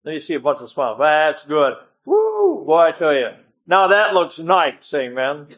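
Folksy preacher, man, slightly high voice, emphatic, dull church tape. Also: normal speed, a bit bright. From northern United States. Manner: folksy, emphatic, repeats "amen" often. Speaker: guest preacher. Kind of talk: sermon.

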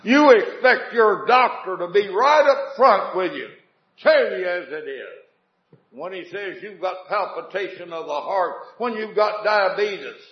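A man's voice: sits high, lively intonation, unhurried, echoey room, muffled recording. A man preaching a revival sermon in a folksy way, asking the congregation questions and telling homespun jokes.

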